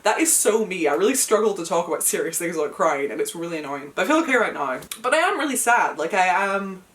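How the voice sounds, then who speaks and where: A young British woman with a lowish, a bit bright voice vlogs from home, talking fast with big pitch swings, recorded from a distance. Her casual chat to camera is emotional and chatty, full of fillers, and she laughs nervously through hard moments.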